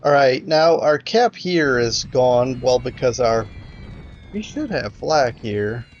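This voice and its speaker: Over lo-fi audio with a bit of background noise, a man with a mid-range voice commentates a strategy game casually. He is animated yet slow, and he sounds hesitant and frustrated, stumbling through fillers and restarts.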